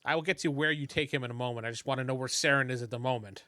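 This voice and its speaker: A man's voice: mid-range voice, very fast, bright, forceful tone, dry recording, clean studio sound. A young man narrating as game master, laughing often and briefly voicing characters.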